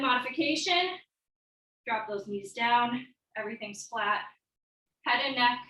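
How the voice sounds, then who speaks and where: A woman's voice: a little high, sharp tone. A young woman fitness coach leading a live workout class, calling out encouraging cues and countdowns while a little out of breath. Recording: echoey room, from far off.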